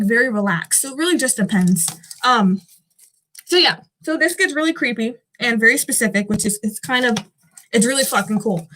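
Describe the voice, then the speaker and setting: Young woman with a high voice, rambling vlogger who swears freely and stays half skeptical. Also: fairly bright tone. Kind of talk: casual chat.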